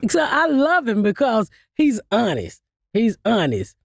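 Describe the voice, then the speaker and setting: A woman's voice: fairly high pitch, huge pitch swings, a little slow, vocal fry, no echo, studio quality. A woman comedian in her fifties, a blunt and profane storyteller who laughs through her stories as a guest. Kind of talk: casual interview storytelling.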